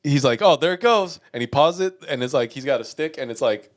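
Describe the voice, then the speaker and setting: A man co-hosting a podcast, talking casually and telling stories with lots of swearing and laughter. He slips into quoted voices as he retells things. His pitch sits in a middle register. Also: a little fast. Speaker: podcast co-host. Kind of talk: casual chat.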